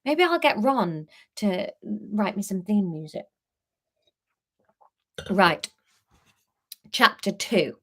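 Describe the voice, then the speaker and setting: A woman's voice: medium pitch, sing-song, slow, long pauses. Playful woman reading her own story live. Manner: playful, laughs often, breaks off to chat. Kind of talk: live book reading with chatty asides to viewers.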